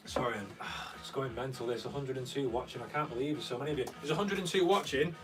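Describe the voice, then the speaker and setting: This young host, a fast talker with a mid-range voice, chats casually on a live stream in a converted recording studio room. He rambles through stories and reads viewer comments aloud while answering them, sitting a bit away from the microphone as faint guitar plays behind him.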